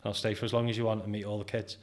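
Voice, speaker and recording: A British man in his forties who founded a business talks rapid-fire as a podcast guest, his pitch fairly low. Throughout the casual interview he spins lively anecdotes, acts out what people said, and laughs often.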